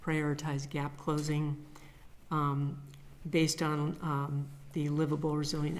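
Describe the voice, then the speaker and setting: Low, flat-voiced woman giving a planning update. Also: creaky, slight background noise. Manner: hesitant, many fillers. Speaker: town planner. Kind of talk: meeting update.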